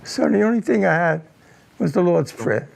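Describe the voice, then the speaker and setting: Older male veteran interviewee; raspy, fry-heavy voice sitting high; slow, halting, repeats words as he recounts the past. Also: big pitch swings. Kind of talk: recounting a personal war memory in an interview.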